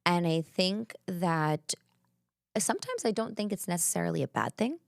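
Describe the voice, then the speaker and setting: A woman's voice: fairly low pitch, expressive, normal speed, creaky, dry recording, studio quality. A woman with an accent co-hosting a casual chat, telling stories animatedly and acting out quoted voices. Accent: non-native English. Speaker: podcast co-host.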